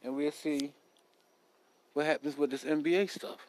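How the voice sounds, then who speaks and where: A man's voice: a little high, steady tone, normal speed, darkish tone, poor audio. Profane rambling man. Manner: blunt, profane, rambling street talk. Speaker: podcast host. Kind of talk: casual solo podcast monologue.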